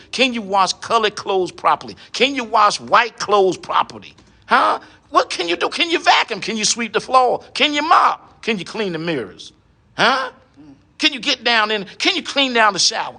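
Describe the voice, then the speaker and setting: A middle-aged man delivers a preachy monologue. His voice sits high and bright. He lectures through a string of rhetorical questions, often with a pointed "huh?". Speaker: online commentator addressing women.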